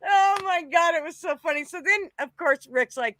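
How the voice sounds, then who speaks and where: A woman's voice: extremely high pitch, moderate pace, hardly any pauses, no echo. A woman co-hosting a live stream, casually telling a story full of swearing and laughter. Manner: laughing, profane, animated storyteller. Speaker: co-host.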